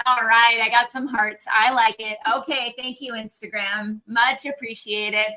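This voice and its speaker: A woman's voice: a little high, normal speed, bright, forceful tone, rough recording. A woman doctor hosting a casual livestream Q&A, chatty and upbeat with viewers, with a frog in her throat. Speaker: naturopathic doctor hosting a live Q&A. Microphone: external microphone on a livestream.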